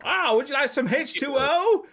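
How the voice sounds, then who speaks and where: A man's voice: very high voice, animated, normal speed, fairly bright tone, voice pushed up. A man putting on a drawling Southern American accent to play a friendly man who offers water in a game. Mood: amused offering.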